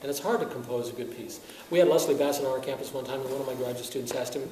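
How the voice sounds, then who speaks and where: A man's voice: mid-range voice, very fast. A man, a wind band conductor, lecturing music teachers and firing off rhetorical questions with frequent chuckles. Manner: animated, asks many rhetorical questions; chuckles often. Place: lecture room at a teaching workshop. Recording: echoey room, heard from a distance, faint hiss.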